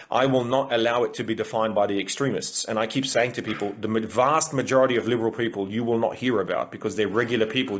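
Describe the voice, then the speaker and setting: Rambling man, low voice. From Australia. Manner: rambling, many restarts and self-corrections. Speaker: YouTube commentator. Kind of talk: casual political monologue.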